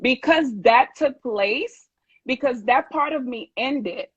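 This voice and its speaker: A woman's voice: sits high, slow, breathy edge, no echo, highs cut off. A woman speaking as a guest in a live video interview, giving a reflective, heartfelt personal account. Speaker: guest, women's event organizer.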